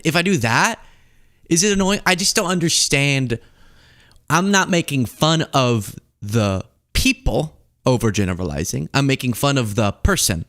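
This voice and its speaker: A man from the American South hosting a casual political commentary show, animated and jokey as he reads chat comments. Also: no echo, clean studio sound. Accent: General American, Southern accent mostly lost. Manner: animated, jokey, rapid shifts in pitch.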